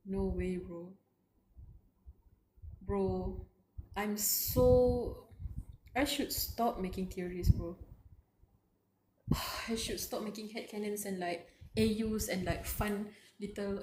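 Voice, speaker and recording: A woman streaming a live novel reading who reacts with excitement, sighing and breathless outbursts, and keeps saying "bro". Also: medium pitch, takes it slowly, pauses often, a little hiss or hum. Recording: roomy echoey room.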